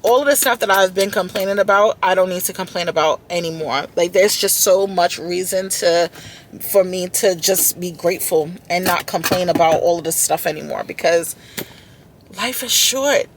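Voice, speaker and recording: A woman's voice: fairly low pitch, moderate pace, slight background noise. A woman vlogging from inside a car, talking in an earnest, heartfelt way and often repeating her words. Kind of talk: heartfelt self-talk vlog.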